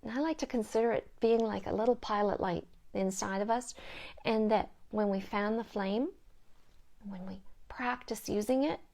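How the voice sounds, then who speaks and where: A middle-aged woman giving a gentle talk on coping with grief as a grief support counselor, soft-spoken and often dropping to a hushed whisper. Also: mid-range voice, creaky.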